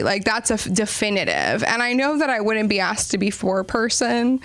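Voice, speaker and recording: A woman's voice: medium pitch, sing-song, normal speed, fairly bright tone, no echo. A young woman from Los Angeles hosting an open mic, doing rambling, self-deprecating stand-up between acts. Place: small comedy club stage.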